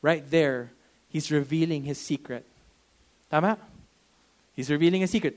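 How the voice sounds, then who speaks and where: Man, Filipino accent, middle-aged pastor, sermon, higher voice, conversational, mixes English and Tagalog. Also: moderate pace, pauses often.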